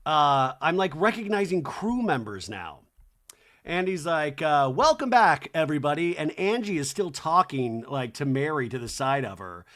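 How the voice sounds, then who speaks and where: Brief: lively, slightly high male podcaster doing a jokey TV recap full of impressions. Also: measured pace. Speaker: podcast host. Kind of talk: comedic TV recap monologue.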